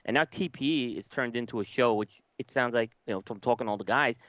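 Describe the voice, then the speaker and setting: A man's voice: medium pitch, fast, fairly bright tone, no room sound. A man co-hosting a podcast, speaking casually and emphatically. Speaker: podcast co-host. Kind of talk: casual chat. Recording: dull lo-fi sound.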